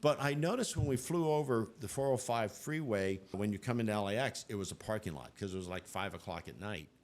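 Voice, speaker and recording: An older man, a guest on an interview show, telling his story in an animated way and acting out what people said. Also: lowish voice, a little fast.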